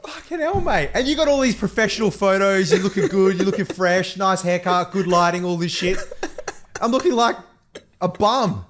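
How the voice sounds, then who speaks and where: A man's voice: high-pitched, normal speed, slight background noise. A man, co-hosting a podcast in casual, swearing, laugh-filled chat. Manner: laughing, swearing, animated storytelling. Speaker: podcast co-host.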